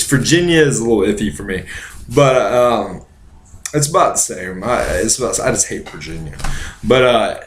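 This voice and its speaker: A man's voice: on the low side, slight background noise. Rambling, profane, drunk man in an echoey room. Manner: rambling, profane, goes off on tangents. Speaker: podcast host. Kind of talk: casual movie chat. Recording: roomy echo.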